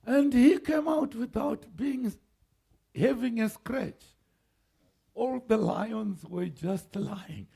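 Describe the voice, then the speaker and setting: A man preaches with a high, gravelly voice that swings widely in pitch. He talks slowly and with weight, breaking into shouts and laughter while he calls on the church to answer back. His tone is husky and rough. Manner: animated preaching with shouts, laughs and call-and-response. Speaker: pastor. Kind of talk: sermon. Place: church sanctuary.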